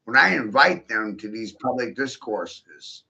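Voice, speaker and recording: Gravelly, profane man ranting hard. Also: medium pitch, expressive, a little slow. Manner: profane, aggressive, repetitive, shouting bursts. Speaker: monologuing video host. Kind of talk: ranting monologue to camera. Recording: dull lo-fi recording.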